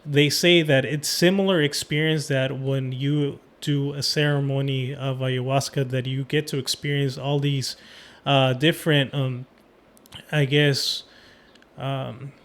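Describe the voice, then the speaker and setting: Man hosting, explaining with "right?". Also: medium pitch. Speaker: podcast host. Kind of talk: casual interview chat.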